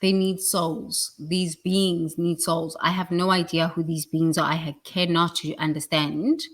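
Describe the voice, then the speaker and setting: A woman's voice: on the low side, flat delivery, unhurried. Blunt woman giving a spiritual talk. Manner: blunt and emphatic, with sudden loud bursts. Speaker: spiritual speaker.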